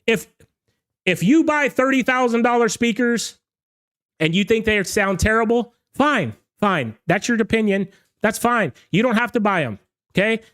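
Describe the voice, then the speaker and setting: Male DJ show host, high-pitched, slightly hoarse, emphatic casual ranter. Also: expressive, normal speed, fairly bright tone. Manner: emphatic, ranting, repeats "okay?" and "all right?". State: slightly hoarse from talking all night. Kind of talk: casual livestream rant.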